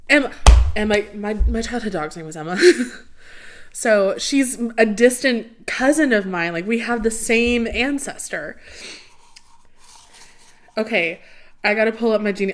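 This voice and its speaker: A woman's voice: on the high side, measured pace, pauses often. A young woman hosting a casual livestream, chatting with viewers in a rambling way full of fillers. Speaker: livestream host.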